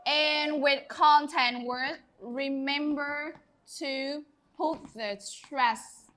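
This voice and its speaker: A woman with a Vietnamese accent, teaching an English class and giving slow, deliberate instructions in a classroom. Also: sits high, steady tone, bright, forceful tone. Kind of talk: classroom lesson.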